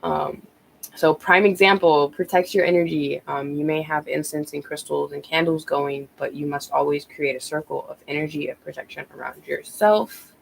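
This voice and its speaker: A woman's voice: low-pitched, fairly even intonation, moderate pace, vocal fry, slight background noise, rough recording. A woman tarot reader talking casually on a live stream, rambling with many ums and restarts, a bit out of breath.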